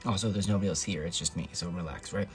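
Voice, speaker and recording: A young man rambling through a comic monologue to camera, fast and playful, recorded alone at home at night on a tripod camera. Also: sits low, steady tone. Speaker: comedic vlogger.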